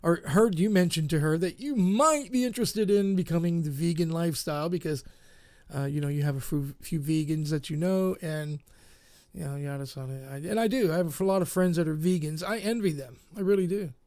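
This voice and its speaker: A man with a high-pitched voice hosts a live internet radio show. He rambles in a casual, unscripted way, full of fillers and jokes at his own expense. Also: a little fast, a little mellow. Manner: rambling, self-mocking, many fillers.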